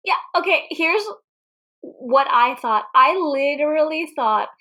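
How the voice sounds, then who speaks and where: A young woman with a bright, forceful, fairly high voice co-hosts a laid-back movie recap chat. She jumps into animated tangents, laughs often and swears without a second thought. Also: takes it slowly. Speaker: podcast co-host.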